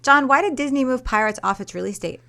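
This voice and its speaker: A woman's voice: high voice, animated, fast talker, vocal fry, bright, forceful tone. A woman hosting a movie news show, reading the stories in an upbeat presenting style. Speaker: host.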